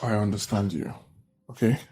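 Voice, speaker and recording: An actor with a Nigerian accent playing a tired, busy husband who pleads with his wife to calm down. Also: on the low side, normal speed, vocal fry, slight background noise. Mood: weary. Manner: weary, pleading. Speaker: actor in a film. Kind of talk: film drama acting.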